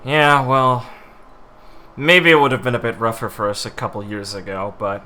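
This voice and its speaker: A man's voice: mid-range voice, steady tone, moderate pace, sharp tone. A man talking casually in character as a player in a tabletop game, laughing often and easily flustered. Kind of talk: casual in-character role-play.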